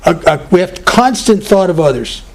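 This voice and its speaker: A man with a fairly high voice leads a recovery workshop. He talks earnestly and tells stories, often stopping mid-phrase to restart his thought. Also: animated, normal speed, darkish tone. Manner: storytelling, self-interrupting, earnest. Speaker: workshop speaker.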